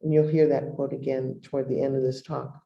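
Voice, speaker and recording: Woman, middle-aged, meditation teacher, deep mellow tone, soft guided meditation, roomy echo. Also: flat delivery, creaky, dull audio. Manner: soft, unhurried guiding with long pauses. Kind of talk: dharma talk with guided meditation.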